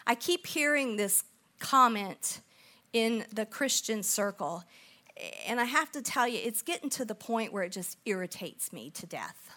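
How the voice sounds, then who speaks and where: Woman preacher, middle-aged, fairly high voice, bright tone, animated storytelling sermon. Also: measured pace. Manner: animated, acts out quoted voices, drops to soft intense tones.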